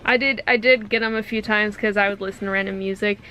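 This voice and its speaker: A woman's voice: mid-range voice, fairly even intonation, fast, bright, forceful tone, a little hiss or hum, poor audio. A young woman co-hosting a casual chat, telling stories and laughing often. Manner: laughs often, tells stories with quoted voices. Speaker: podcast co-host.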